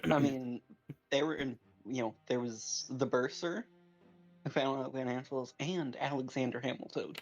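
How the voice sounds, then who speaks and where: Woman, dry deadpan jokes, casual stream chat, dull lo-fi sound, faint music. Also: rumbling low, moderate pace.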